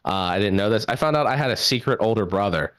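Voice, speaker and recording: A man's voice: fairly low pitch, animated, fast talker, a bit bright, clear, resonant tone, dry recording. Self-deprecating stand-up guy on a laptop. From southwestern Pennsylvania. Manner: rambling, self-deprecating, many uh fillers. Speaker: stand-up comedian. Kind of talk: stand-up set.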